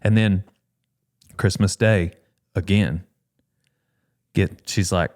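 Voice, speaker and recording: A man's voice: low-pitched, takes it slowly, long pauses, a little mellow. A man hosting a podcast, telling a story in casual chat and acting out the quotes with big jumps in his voice. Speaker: podcast host.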